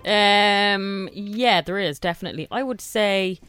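A woman's voice: medium pitch, a little slow, a bit bright, clear, resonant tone, faint music behind. An Irish woman co-hosting a radio show, chatting in an easygoing, hesitant way. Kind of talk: casual radio banter.

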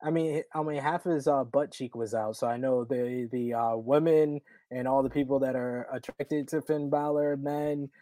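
A man in his thirties hosting a casual wrestling podcast, rambling with lots of fillers and loud laughs. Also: medium pitch, steady tone, normal speed, few pauses, no room sound. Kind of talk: casual chat.

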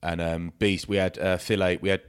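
A man's voice: low-pitched, flat delivery, fairly quick, clear, resonant tone. A man co-hosting a podcast, telling rambling anecdotes with lots of fillers and restarts. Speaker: podcast co-host. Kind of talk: casual chat, storytelling.

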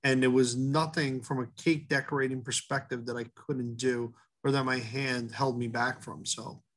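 A middle-aged man, a head baker, talking earnestly in an interview, halting often with fillers and restarts. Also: mid-range voice, steady tone, a bit bright. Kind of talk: casual interview talk.

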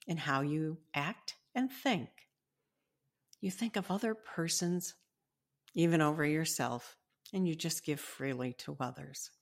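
A woman with a notably low-pitched voice reads aloud from her own book. She talks in a gentle, deliberate, teacherly way, like an author hosting her own podcast.

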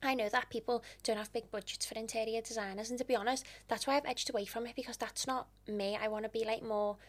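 A young woman with a Liverpool accent, a guest telling stories in a chatty, animated way with local slang. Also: on the high side, quick pace. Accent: Liverpool (Scouse). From Liverpool, England. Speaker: interior stylist guest. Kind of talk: casual podcast interview.

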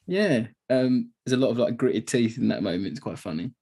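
Male podcast co-host, chatty film talk with quick laughs and a breathy voice. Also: mid-range voice, lively intonation, mellow. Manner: chatty, laughs often, acts out quotes. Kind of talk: casual film review chat.

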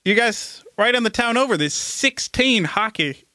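A man's voice: sits high, animated, normal speed, sharp tone, no echo, clean studio sound. An actor playing an evasive, apologetic hockey man visiting a small southern town, in an improv comedy podcast. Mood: sheepish. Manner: hesitant, chuckling, apologetic. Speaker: guest.

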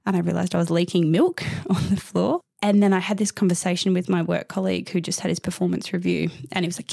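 Interview guest, woman, 30s: heartfelt, rambling storyteller with a gravelly edge, dry sound. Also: fairly low pitch, fairly even intonation, fairly quick, a little mellow, no room sound. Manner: open, heartfelt, rambling with restarts. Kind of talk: candid personal storytelling.

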